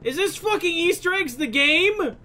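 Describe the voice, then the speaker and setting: A young man doing let's play commentary on a horror game, excitable, swearing often and breaking into laughter. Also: very high voice, normal speed, a little hiss or hum. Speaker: gaming video host.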